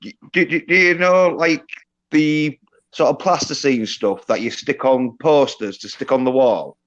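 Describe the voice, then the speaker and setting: An English man chatting on a live stream, his talk halting and full of fillers as he circles back to his point. His voice sits at an ordinary middle pitch. It comes through a dull, lo-fi mic that dulls the top end. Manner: hesitant, rambling with many fillers. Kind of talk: casual chat.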